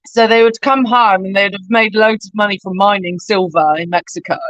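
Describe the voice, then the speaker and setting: A woman's voice: medium pitch, steady tone, brisk, a bit bright, dry recording, low-quality recording. A woman from Cornwall with a strong Cornish West Country accent, rambling and chatty as a podcast guest. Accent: Cornish West Country English. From Cornwall, England. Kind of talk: casual conversation.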